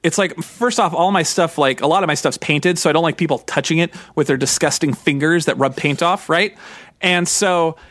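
A man in his thirties co-hosting a podcast, chatting excitedly and rambling with lots of fillers. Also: a little high, moderate pace, no room sound, clean studio sound. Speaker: podcast co-host. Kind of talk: casual chat.

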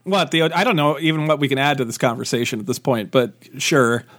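A man co-hosting a podcast, chatting in a goofy, animated way and often trailing off and restarting. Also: medium pitch, quick pace. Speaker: podcast co-host. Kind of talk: casual chat.

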